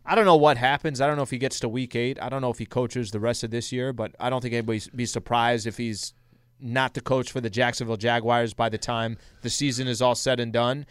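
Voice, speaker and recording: A man co-hosting sports talk radio, chatty and quick with stories. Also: medium pitch, steady tone, clean tone, dry recording, clean studio sound.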